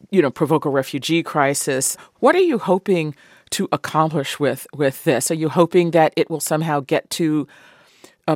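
A woman hosting a radio news program, asking measured, probing questions. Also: low voice, no echo, studio quality. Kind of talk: news interview.

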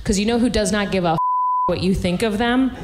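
A woman performing a stand-up set in a wry, conversational way with quick asides. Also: medium pitch, long reverb tail, background noise. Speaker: stand-up comedian.

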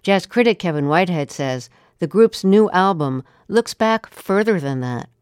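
A woman radio host reads a scripted introduction in a measured, even manner. Her voice is smooth and resonant and sits a little low. It is recorded close on a studio microphone with a dry, dead sound. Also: dry recording.

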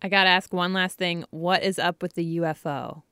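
A woman's voice: fairly low pitch, fairly even intonation, fairly quick, pushed and bright, clean tone, dry recording, clean studio sound. A woman co-hosting a podcast, chatty and asking her guest questions. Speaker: podcast co-host. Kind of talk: casual podcast chat.

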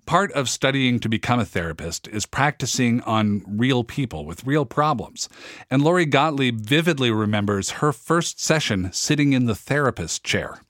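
A man hosting a podcast, narrating in a measured way and chatting casually, with an occasional joke. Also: medium pitch, lively intonation, fairly bright tone, dry recording, studio quality. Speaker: podcast host. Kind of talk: interview and scripted narration.

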